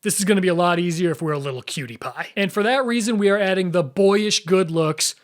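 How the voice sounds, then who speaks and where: A man's voice: sits high, fast. A young man hosting a comedic commentary video, talking straight to the viewer in a sarcastic, jokey way. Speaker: YouTube host.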